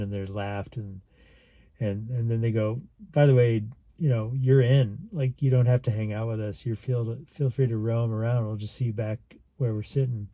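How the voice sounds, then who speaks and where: A man's voice: medium pitch, fairly even intonation, normal speed, dark tone, dry recording. A man telling a personal story to camera in a casual, rambling, earnest way, acting out what others said. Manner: rambling, earnest, acts out quoted lines. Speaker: vlogger.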